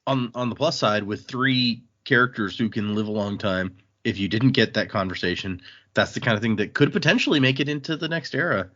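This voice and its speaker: A man's voice: mid-range voice, brisk, a bit bright. A man hosting a casual book podcast, chatting with co-hosts and reading listener emails aloud. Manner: reads listener emails aloud, laughs often. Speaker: podcast host. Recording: muffled lo-fi podcast audio.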